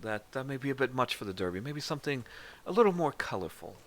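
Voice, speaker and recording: A man's voice: medium pitch, quick pace, pitched above the performer's own voice. A man doing a gallant German horse owner. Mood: chatty. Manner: clichéd put-on German accent; overly gallant, flattering.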